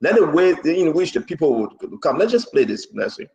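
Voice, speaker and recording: A man hosting a live political talk show, rambling and repetitive, now and then bursting into shouts. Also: on the high side, sing-song, normal speed, vocal fry, roomy sound, highs cut off.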